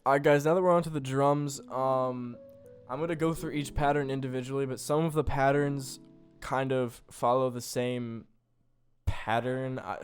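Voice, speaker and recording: A young man casually talking through how he built a beat, loose and full of fillers, poking fun at himself. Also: mid-range voice. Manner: loose, filler-heavy, self-deprecating. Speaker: beat producer. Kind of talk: casual tutorial narration.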